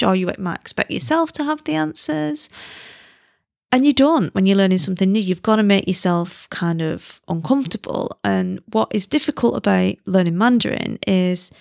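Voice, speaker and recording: A woman's voice: medium pitch, vocal fry, dry recording, studio quality. A British woman hosting a podcast, chatting casually in a self-deprecating way and laughing at herself now and then. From Britain. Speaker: podcast host. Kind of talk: casual chat.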